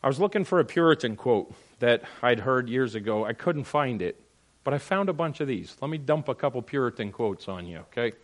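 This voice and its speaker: Animated middle-aged male pastor preaching. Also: medium pitch, a little fast. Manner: animated preaching, rising to loud emphatic peaks; asks the congregation rhetorical questions. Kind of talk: sermon.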